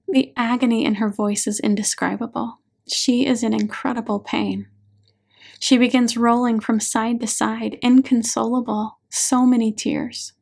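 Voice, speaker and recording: A woman, an author and hypnotherapist, reading her audiobook in a gentle, measured way. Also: on the high side, level tone, creaky. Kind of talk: audiobook narration.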